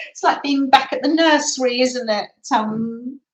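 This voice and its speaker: A woman's voice: high voice, measured pace, reverberant. A woman hosting a chatty craft livestream, reading out and answering viewer comments and laughing often. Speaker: livestream host.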